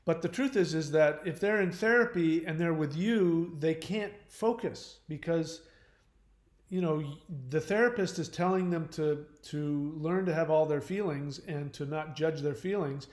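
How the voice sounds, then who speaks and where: A man's voice: fairly high pitch, a little slow, echoey room. A man hosting a casual live talk, rambling with many fillers and restarts. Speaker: host.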